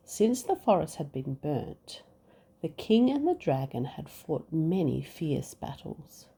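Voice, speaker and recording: A woman reads a bedtime story aloud to her children, slow and expressive. Her voice is low and mellow with a lively, swooping melody and a husky edge. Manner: expressive, acts out sound effects. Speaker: mother reading to her children.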